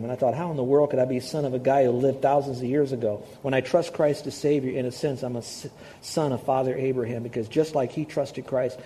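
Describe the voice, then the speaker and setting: A man's voice: medium pitch, warm tone, a little hiss or hum. A man preaching a sermon as a pastor, conversational, repeating key words for emphasis. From Hawaii.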